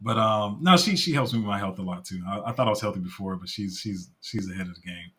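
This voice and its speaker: A man's voice: lowish voice, fast, bright, forceful tone. A man hosting a casual livestream chat, rambling and emotional, laughing easily. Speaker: crypto livestream host.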